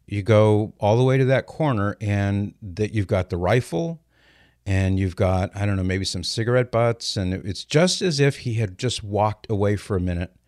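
A man's voice: on the low side, moderate pace, no echo, studio quality. A man in his sixties hosting a call-in radio show, telling stories with energy and explaining answers step by step. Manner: lively storyteller, explains step by step. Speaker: radio host answering callers.

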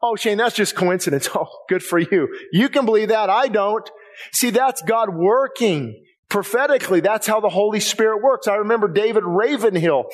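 A man's voice: sits high, lively intonation, normal speed. A man preaching a sermon as a pastor, impassioned and conversational, often repeating himself as he presses a point. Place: church sanctuary. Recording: long reverb of a church hall.

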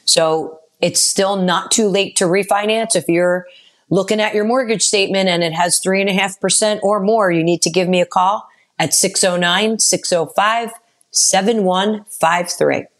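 A woman co-hosting a talk radio show and explaining mortgage rates and home buying clearly. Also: medium pitch, fairly even intonation, normal speed. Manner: informative, reads out rates and phone numbers. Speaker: mortgage lender and radio co-host.

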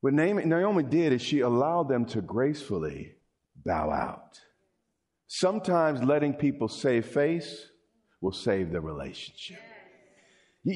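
Preaching to his congregation, a man with a higher-pitched voice keeps things lively, performing quotations and trading jokes with the crowd.

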